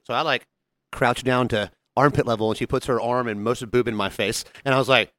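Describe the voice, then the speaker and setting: A man's voice: medium pitch, brisk, no room sound. A man co-hosting a casual podcast, telling workplace stories and acting out the people in them. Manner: animated storyteller acting out quotes. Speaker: podcast co-host. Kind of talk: casual storytelling chat.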